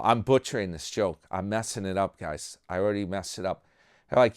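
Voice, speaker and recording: A man's voice: on the low side, moderate pace, clear, resonant tone, no echo, studio quality. A man hosting his channel in casual chat, rambling and self-mocking, with frequent slang asides. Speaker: channel host.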